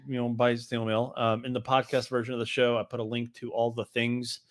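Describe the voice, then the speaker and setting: A man hosting a podcast, easygoing and relaxed, with lots of "um" and quick agreement. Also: medium pitch. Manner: easygoing, affirming, many ums. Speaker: podcast host. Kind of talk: casual chat.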